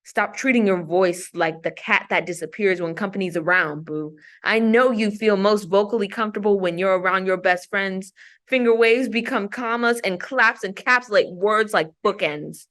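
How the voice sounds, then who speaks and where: A woman from Maryland performing spoken-word poetry recitations as an invited guest, with a deliberate, emphatic delivery. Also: mid-range voice, fairly bright tone.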